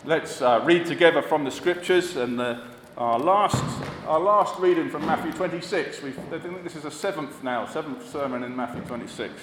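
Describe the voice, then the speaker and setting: A man's voice: on the high side, background noise. Man in an echoey church hall. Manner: measured, trailing off softly at phrase ends. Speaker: minister. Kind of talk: church prayer and children's talk.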